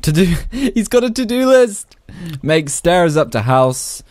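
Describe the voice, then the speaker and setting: A man casually commentating his own Minecraft play, excitable and laughing often. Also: high-pitched, measured pace, no echo. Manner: excitable, laughs often, shrieks when startled. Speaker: Minecraft YouTuber.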